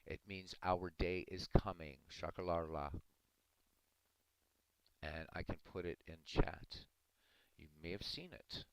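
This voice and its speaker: Deep-voiced man arguing with chat. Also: steady tone, a little slow, creaky, smooth, no room sound, rough recording. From Ireland. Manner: argumentative, talking back to chat. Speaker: live streamer reading chat. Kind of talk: casual livestream chat.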